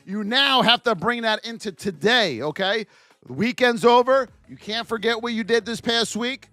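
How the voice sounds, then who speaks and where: Hoarse, high-voiced hype man hosting. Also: normal speed, no echo. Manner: energetic, hypes up viewers by name. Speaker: livestream trading host. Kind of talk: hyped live-stream market commentary.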